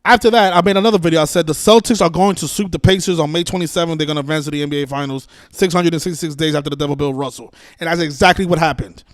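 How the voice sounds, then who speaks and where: A man's voice: on the high side, racing, hardly any pauses, no echo, studio quality. A man hosting a livestream, scolding his viewers in an exasperated, profane rant with many restarts and repeated words. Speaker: livestream host. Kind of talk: ranting livestream monologue.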